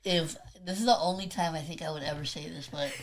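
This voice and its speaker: A woman's voice: deep voice, quick pace. A woman co-hosting a podcast, talking bluntly about films with plenty of swearing and filler words. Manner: blunt and profane, lots of filler. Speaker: podcast co-host. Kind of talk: casual film review chat.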